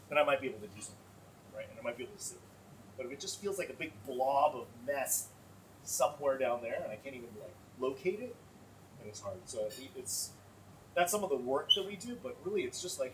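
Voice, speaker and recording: A man's voice: mid-range voice, animated, fast talker. A man speaking as a panelist in a panel discussion, talking in an earnest, conversational way with lots of "like.". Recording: far-off mic with faint noise.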